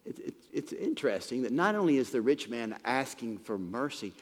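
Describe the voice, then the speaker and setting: A man's voice: mid-range voice, sing-song, moderate pace, long reverb tail. A man preaching a sermon, retelling a passage and often stumbling over repeated words. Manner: expository retelling with frequent stumbling word repeats.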